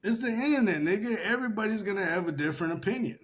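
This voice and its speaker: A man casually chatting on a podcast, animated, laughing often and swearing freely. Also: racing. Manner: animated, mimics commenters in loud high-pitched yelling. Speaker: podcast co-host.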